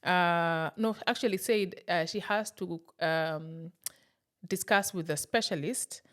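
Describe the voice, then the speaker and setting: Woman podcast co-host, casual animated storyteller who acts out dialogue. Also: fairly low pitch, slow. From Africa. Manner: animated storyteller, acts out quotes, laughs often. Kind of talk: casual chat. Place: living in Switzerland.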